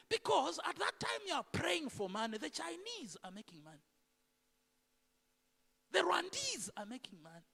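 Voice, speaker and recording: A man preaching a sermon in a church, animated and full of rhetorical questions to the congregation. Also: extremely high pitch, normal speed, gravelly, slightly rough. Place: church sanctuary. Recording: echoey church hall.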